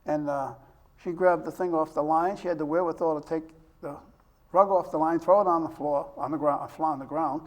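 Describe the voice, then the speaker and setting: A man's voice: a little high, fairly even intonation, a little fast, a little mellow. An older man hosting a talk show interview, chatty and telling long personal stories. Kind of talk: casual interview chat.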